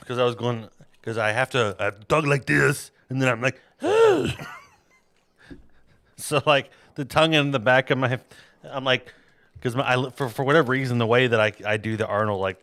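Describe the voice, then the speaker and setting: A man's voice: mid-range voice, fairly bright tone, no room sound. A man hosting a podcast in casual chat, rambling and jokey with a self-deprecating streak. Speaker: podcast host.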